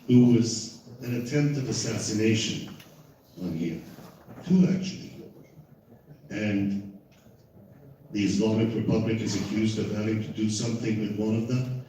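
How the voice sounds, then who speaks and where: A man's voice: fairly low pitch, unhurried, pauses often, warm tone, a little hiss or hum. A man moderating a live panel, talking emphatically and repeating his points, recorded from far off in an echoey hall. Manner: emphatic and repetitive, insistent.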